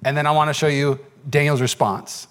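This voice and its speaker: A male pastor preaching a sermon, telling stories in an animated way and acting out the voices of the people in them. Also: brisk, smooth. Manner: animated storytelling, acts out voices in high pitch.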